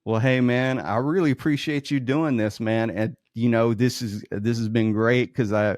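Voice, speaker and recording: 40s dude hosting a podcast, joking around, dry close sound. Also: male voice, medium pitch, fairly even intonation, normal speed, a little mellow, dry recording. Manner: easygoing, jokey, laughs often. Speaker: podcast host. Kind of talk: casual interview chat.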